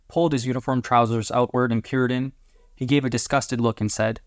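A man narrating a homemade audiobook in a deliberate way, announcing each chapter as he goes. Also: mid-range voice, steady tone, no echo, studio quality.

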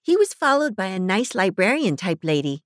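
A woman narrating a story in the first person with a wry, animated delivery. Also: medium pitch, normal speed, dry recording, studio quality. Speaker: audiobook narrator.

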